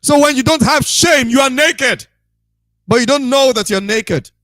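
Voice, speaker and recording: A man delivers a scolding radio monologue like a preacher, repeating his points with emphasis. His voice sits very high and sounds bright and forceful. The sound is dry and close, with no room around it. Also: a little slow, dry recording. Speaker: radio broadcaster.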